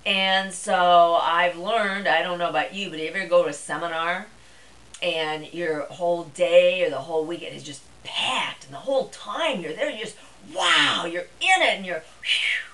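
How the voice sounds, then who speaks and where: A woman's voice: on the low side, normal speed, a bit bright, rough recording. A middle-aged woman vlogger talking to camera in a chatty, rambling way, with plenty of fillers. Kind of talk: casual monologue to camera.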